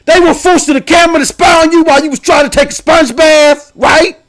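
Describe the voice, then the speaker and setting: A young man hosting a gaming live stream, ranting loudly and laughing often as he swings between shouts and low mumbles. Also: steady tone, fairly quick. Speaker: game streamer and podcast host.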